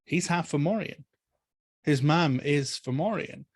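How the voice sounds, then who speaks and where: A man with an Irish accent, teaching mythology in an animated, discursive Q&A talk, full of restarts and asides. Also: fairly high pitch, a little slow, dry recording. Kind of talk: community Q&A talk.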